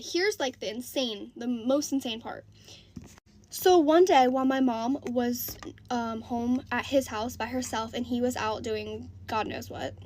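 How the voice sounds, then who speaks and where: A woman's voice: high voice, a little hiss or hum. A woman telling a storytime in a casual, chatty way, full of fillers and exasperation, into a phone.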